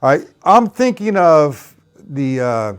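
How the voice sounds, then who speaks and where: A middle-aged drum teacher gives a live-streamed lesson, counting beats and explaining technique in a blunt, rambling way, with drums played between his talk. His voice is a little high and sing-song, slow, with slight background noise.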